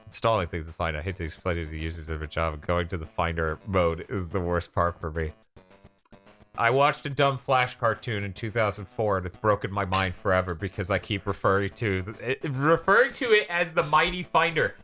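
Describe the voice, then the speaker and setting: A man's voice: sits low, brisk, sharp tone, soft background music. A man hosting a casual podcast, telling stories animatedly and swearing casually. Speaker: podcast host. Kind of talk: casual chat.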